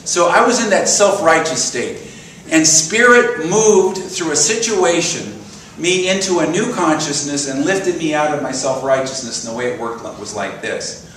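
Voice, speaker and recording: A man's voice: a little high, normal speed, slight background noise. A man in his sixties giving a sermon as minister, telling stories and asking the congregation questions. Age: 60s. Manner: storytelling, animated, asks congregation questions. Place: church sanctuary. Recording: roomy echo from a distant mic.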